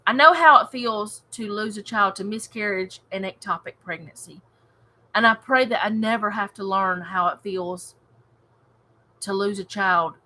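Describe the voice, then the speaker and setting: A woman leading a casual home Bible study, reading scripture and reflecting earnestly with soft laughs. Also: mid-range voice, normal speed, poor audio.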